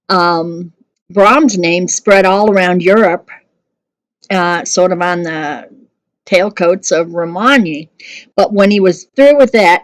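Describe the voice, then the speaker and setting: A middle-aged woman talks through a music history lesson in a relaxed, conversational way, pausing with fillers and correcting herself as she goes. Her voice sits at an ordinary middle pitch, and the recording is close and dry, with little room sound. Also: dry recording. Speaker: music teacher.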